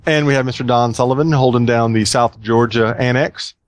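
Man, podcast host, rambling easygoing chat, mid-pitched voice, dry close sound. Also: steady tone, a little fast, no room sound. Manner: rambling, chatty, many fillers.

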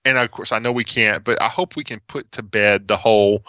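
A man's voice: lowish voice, fairly even intonation, a little fast, pushed and bright, clean tone, no echo, muffled recording. A man with an East Texas accent chatting casually about tech, rambling with lots of fillers and restarts. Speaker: podcast co-host.

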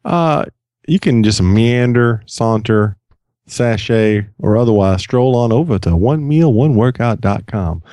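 A man's voice: lowish voice, lively intonation, a little slow, dark tone, no room sound, clean studio sound. A middle-aged man co-hosting a podcast, tossing in goofy, jokey asides. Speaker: podcast co-host. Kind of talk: casual chat.

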